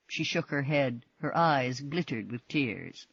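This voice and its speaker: A woman reading an audiobook in expressive, measured scripted narration. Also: extremely low pitch, gravelly, slightly rough, no room sound, dull audio.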